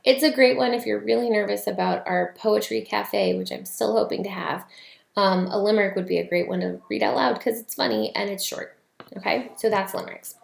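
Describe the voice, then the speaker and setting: A woman teaching an online class, explaining at an easy pace with plenty of fillers along the way. Her mid-range voice has a gravelly edge. The sound bounces around an echoey room. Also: medium pitch, steady tone, fairly quick. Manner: casual, explanatory, many fillers.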